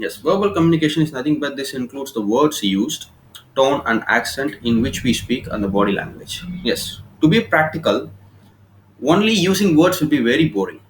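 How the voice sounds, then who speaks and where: A man's voice: mid-range voice, slight background noise, rough recording. A man teaching communication skills over slides, explaining informally and often checking "okay?" between points. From India. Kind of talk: recorded slide lecture. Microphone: laptop recording.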